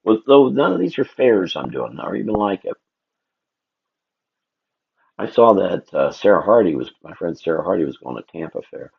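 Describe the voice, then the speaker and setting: Gravelly low-voiced man rambling. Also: big pitch swings, moderate pace, long pauses. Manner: rambling, talks to himself and greets viewers. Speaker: artist streaming live. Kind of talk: casual livestream chat while drawing. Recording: dull lo-fi stream audio.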